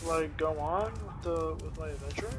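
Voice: mid-range voice, normal speed, background noise. A gaming channel host giving emotional let's-play commentary, reacting aloud and laughing between remarks.

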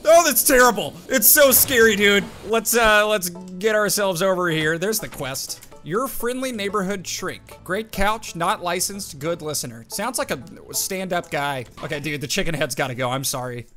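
A young man commentating a video game playthrough in an excitable, exclaiming way, often laughing. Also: sits high, moderate pace, few pauses, faint music behind. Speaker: gaming video host. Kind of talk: let's play commentary.

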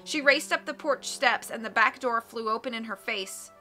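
A woman narrating an audiobook in a clear, expressive reading voice. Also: fairly high pitch, normal speed, soft background music. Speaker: audiobook reader.

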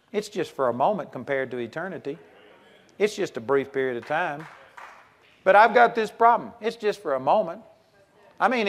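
A male preacher with a high-pitched voice delivers a folksy sermon. He jumps between loud punches and soft, low asides, often breaking into amused laughter. The talk is lively and conversational.

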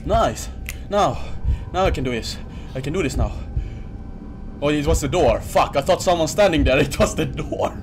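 A man's voice: fairly high pitch, lively intonation, moderate pace, faint music behind. A young man playing horror games on camera at home, shrieking, swearing and laughing nervously. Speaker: horror game let's player. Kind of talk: screaming horror game reaction. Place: home recording setup with a green screen.

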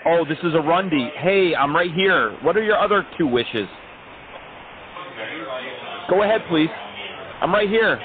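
A man's voice: fairly high pitch, expressive, a little slow, long pauses, crowd noise. Man teasing over a thin phone line. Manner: mock romantic, teasing. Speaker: prank caller. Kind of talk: prank phone call.

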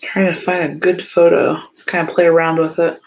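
A woman's voice: lowish voice, flat delivery, normal speed, a little mellow. A young woman, casually chatting with viewers on a livestream, sleepy and yawning often. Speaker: livestream host.

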